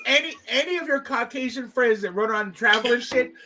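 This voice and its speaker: A man co-hosting a podcast, swearing freely as he tells animated stories in casual chat. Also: very high voice, a little fast, noisy background. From Canada. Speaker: podcast co-host.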